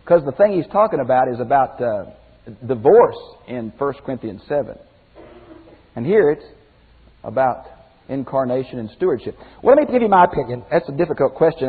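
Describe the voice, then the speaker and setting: Older male Bible teacher, husky and folksy, tinny phone-like sound in a reverberant hall. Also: mid-range voice, a little fast. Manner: folksy, animated, shifts from loud exclamations to quiet emphasis. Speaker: pastor teacher.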